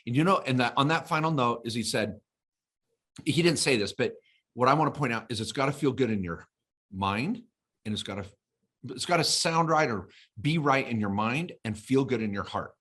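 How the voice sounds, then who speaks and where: A man's voice: mid-range voice, lively intonation, moderate pace, a bit bright, breathy edge. A man co-hosting a podcast in casual chat, telling stories and acting out quoted voices with energy. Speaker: podcast co-host.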